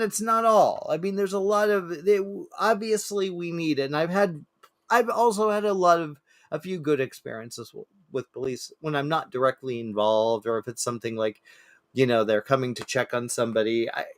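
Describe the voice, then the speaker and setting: A man on a podcast telling stories in a casual chat, swearing freely, his voice climbing when he acts out shouting people. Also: no echo, clean studio sound. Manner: swearing, animated storyteller, rises high when quoting angry people. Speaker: podcast co-host.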